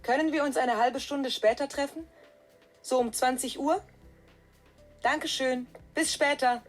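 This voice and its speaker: A woman voicing a friendly caller who leaves a voicemail in a scripted exam listening recording, speaking clearly and at an even pace. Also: high-pitched, measured pace, faint music behind. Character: friendly woman leaving a phone message. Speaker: voice actor in language exam audio.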